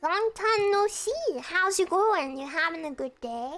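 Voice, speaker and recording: A woman's voice: extremely high pitch, lively intonation, a little slow, fairly bright tone, faint music behind. A young woman chatting casually and playfully with her viewers on a stream from her room. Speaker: VTuber streamer.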